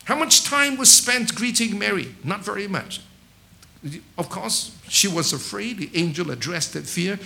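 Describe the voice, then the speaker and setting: A man's voice: sits high, moderate pace, vocal fry. A middle-aged man preaching a sermon, telling stories with rhetorical questions and restarting phrases by repeating words. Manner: animated storytelling with rhetorical questions.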